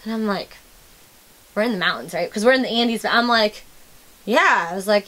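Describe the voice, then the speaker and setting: A woman's voice: medium pitch, animated, brisk, pauses often, fairly bright tone. A young woman hosting a casual chat, telling stories and acting out the voices of the people in them. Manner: chatty storyteller who acts out the voices in her stories. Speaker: host.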